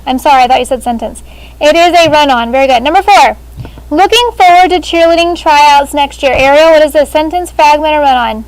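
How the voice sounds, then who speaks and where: A high-pitched woman leads a grade-school grammar lesson, brisk and businesslike as she calls on students one by one. She speaks through a face shield in a classroom. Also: rough recording. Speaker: sixth grade language teacher. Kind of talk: classroom teaching.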